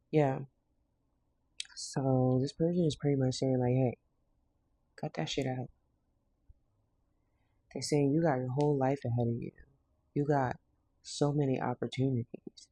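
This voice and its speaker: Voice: mid-range voice, mellow, slightly rough, no room sound. A tarot card reader in a casual reading, blunt and slangy, laughing now and then. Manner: laughs often.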